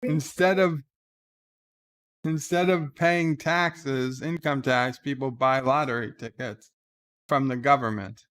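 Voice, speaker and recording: Laid-back male stream host, slow delivery, smooth clear voice, reads chat with many "uh"s. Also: mid-range voice, steady tone, a bit bright. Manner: laid-back, halting, frequent "uh" before each comment. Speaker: livestream host. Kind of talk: reading live chat comments aloud.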